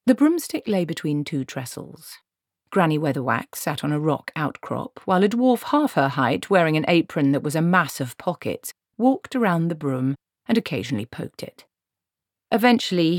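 Low-voiced woman narrating a story wryly. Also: darkish tone, dry recording, clean studio sound. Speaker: audiobook narrator. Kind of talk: scripted narration.

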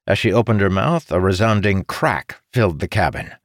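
A man narrating a fantasy audiobook in a steady, measured reading. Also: low voice, dry recording, clean studio sound.

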